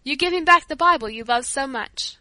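A woman's voice: a little high, quick pace, pushed and bright. Woman voicing a repentant middle-aged father. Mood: astonished.

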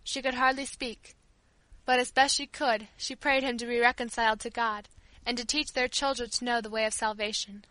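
A woman's voice: fairly high pitch, fairly even intonation, moderate pace, bright, forceful tone, no echo, low-quality recording. A woman voicing a devoted old female family servant who speaks tenderly and earnestly.

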